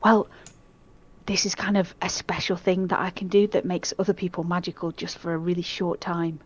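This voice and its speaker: A woman playing a tabletop game, talking hesitantly with many pauses. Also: lowish voice, flat delivery, muffled recording. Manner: hesitant, lots of ums and restarts. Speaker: player. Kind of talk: casual tabletop play.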